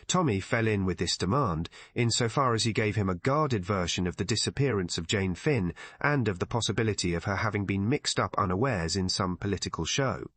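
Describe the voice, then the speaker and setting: A man narrating an audiobook novel with measured, scripted storytelling. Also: lowish voice, a bit bright, no echo. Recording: dry close recording.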